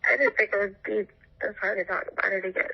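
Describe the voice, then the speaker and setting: A young woman recounting a painful night in an interview, halting and full of fillers and restarts. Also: mid-range voice, steady tone, gravelly, breathy edge, lo-fi sound. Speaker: interviewee, partner of the missing man. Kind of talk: emotional personal account.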